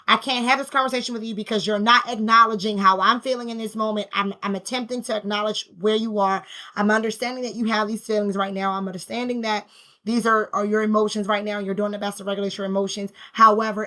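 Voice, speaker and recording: A woman's voice: on the high side, bright, forceful tone. A middle-aged woman talking through a personal healing story in an emotional, repetitive, confessional way. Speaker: spiritual healing vlogger. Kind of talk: personal reflective monologue.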